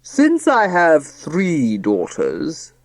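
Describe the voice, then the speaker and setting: A woman's voice: low-pitched, wildly swooping pitch, no echo, full character voice. A woman putting on a pompous rich old father. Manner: solemn, slow and weighty. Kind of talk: audiobook character voice.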